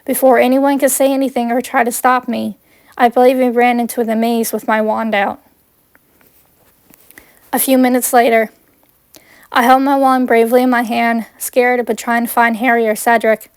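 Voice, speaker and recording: Woman reading her fanfic out loud, first person, earnest, kinda high voice, dry sound. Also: level tone, moderate pace, clean tone, dry recording. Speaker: fan fiction reader.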